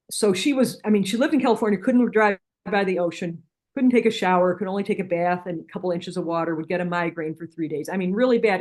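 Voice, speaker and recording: A middle-aged woman, a guest practitioner from a healing center, explaining techniques and telling stories in an earnest, conversational interview, often restarting her sentences. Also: fairly low pitch. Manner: earnest, with frequent restarts and lively retold dialogue.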